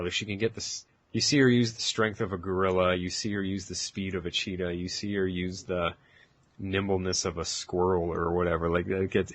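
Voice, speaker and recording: A man co-hosting a podcast in easygoing casual chat, asking questions and chiming in with quick agreements. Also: low-pitched. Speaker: podcast co-host.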